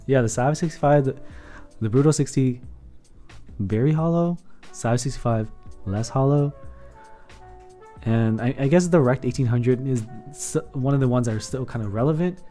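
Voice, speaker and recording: A man with a mellow, dark voice rambles through a casual live stream, picking up chat questions and correcting himself mid-sentence. He sits at a home desk and talks into a condenser mic. Soft music plays faintly behind him. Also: mid-range voice. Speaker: keyboard streamer. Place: home room with sound panels in a corner. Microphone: condenser microphone at desk.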